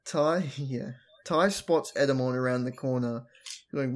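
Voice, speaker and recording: This podcast host is a young adult woman with a bass voice and an unhurried delivery. She recaps an episode bluntly, swearing, mocking, and slipping into funny voices.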